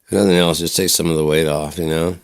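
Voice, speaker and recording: Low rambling man, casual and crude. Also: fairly even intonation, fast talker. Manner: low, rambling, swears freely, acts out voices in stories. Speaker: vlogger. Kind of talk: rambling personal vlog.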